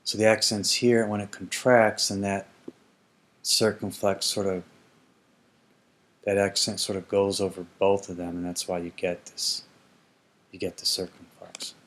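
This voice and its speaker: A man's voice: low voice, little pitch movement, a little slow, pauses often, a bit bright. A man teaching ancient Greek grammar in a casual explanatory lesson, thinking aloud and correcting himself as he goes.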